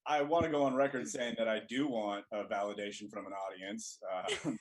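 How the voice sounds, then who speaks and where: A man's voice: lowish voice, steady tone, fairly quick, low-quality recording. A man performing stand-up as a contestant, crudely retelling a movie plot in a rambling way and laughing at his own jokes. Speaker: comedian contestant.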